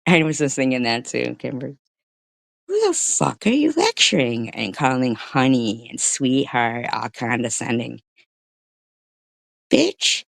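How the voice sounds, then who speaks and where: Middle-aged woman ranting on a live stream, gravelly voice, dry close sound, lots of swearing and sarcasm. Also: very deep voice, no room sound. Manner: profane, sarcastic and mocking; chatty storytelling. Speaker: live-stream commentary host.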